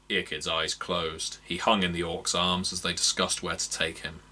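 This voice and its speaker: A man narrating a fantasy novel aloud in a measured, expressive reading. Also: deep voice. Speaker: audiobook narrator. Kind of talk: scripted narration.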